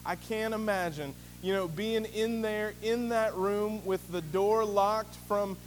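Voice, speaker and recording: A man's voice: sits high, slow pace, long reverb tail, a little hiss or hum. A man voicing a flustered female suspect who stammers and rambles through her denials.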